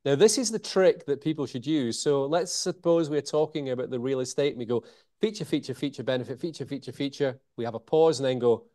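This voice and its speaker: A man, a guest in an interview, explaining communication techniques in an animated way, changing his pace and pausing for emphasis. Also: mid-range voice. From Scotland. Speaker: communication author and trainer.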